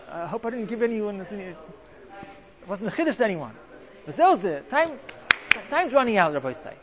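A man giving an animated Torah talk full of Hebrew and Yiddish terms, telling a story and acting out its quotes. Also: high voice, a little fast, pauses often. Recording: dull lo-fi sound.

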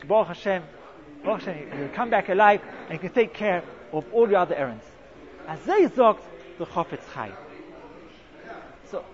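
Animated man giving a Torah talk. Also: high-pitched. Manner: animated storytelling, acts out quotes. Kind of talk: Torah talk with Hebrew and Yiddish terms. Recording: dull lo-fi sound.

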